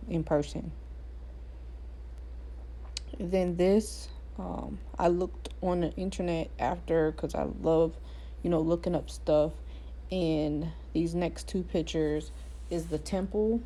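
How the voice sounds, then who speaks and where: A woman telling a personal spiritual story in a casual, animated way, laughing often and repeating herself as she talks. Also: on the low side, gravelly. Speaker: vlogger sharing spiritual experiences.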